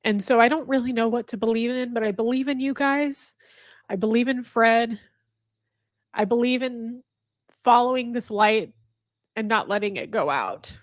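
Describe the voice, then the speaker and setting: Earnest halting woman streamer. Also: fairly high pitch, no room sound, studio quality. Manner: halting, earnest, restarts often. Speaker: livestream host. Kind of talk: candid emotional talk to viewers. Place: indoor room with a fire.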